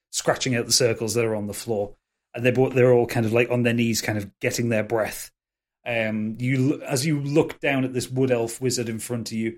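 A man narrates a tabletop role-playing game as its game master. He stumbles often, backing up and restarting his sentences, with a voice in an ordinary middle pitch. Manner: halting, many restarts and fillers.

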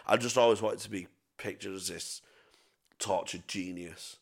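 A man's voice: low-pitched, normal speed, gravelly. A young man telling sweary, rambling stories in casual chat as a podcast co-host. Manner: sweary, rambling anecdotes with self-mocking laughs.

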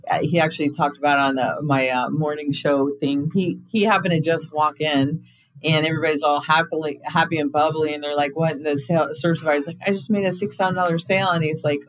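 A man hosting a podcast, telling stories in a casual, animated way and acting out the voices of the people he quotes. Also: on the high side, brisk, poor audio. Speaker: podcast host. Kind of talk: casual conversation.

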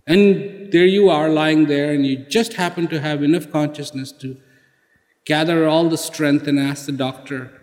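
A man's voice: fairly high pitch, fairly even intonation, normal speed, a little mellow. A man giving a motivational speech, building his points with rhetorical questions, repeated words and acted-out exchanges. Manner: emphatic, repeats key words. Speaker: public speaker. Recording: echoey hall reverb.

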